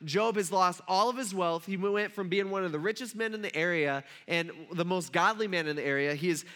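A man's voice: high-pitched, brisk, fairly bright tone. A man preaching a sermon, retelling a scripture story in a conversational way with rhetorical asides to the listeners. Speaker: pastor.

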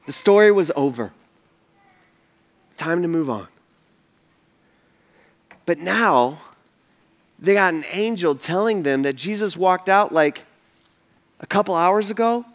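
A man preaching a sermon in a casual, conversational storytelling style, full of "like" and "you know". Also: sits high. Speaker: pastor.

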